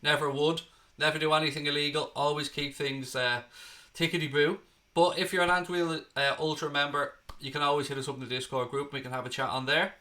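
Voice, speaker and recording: A man's voice: a little high, little pitch movement, a little fast, sharp tone. An Irish man hosting a live stream, chatting casually, reading viewer comments aloud and answering them, with the odd swear word. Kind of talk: casual live watchalong chat.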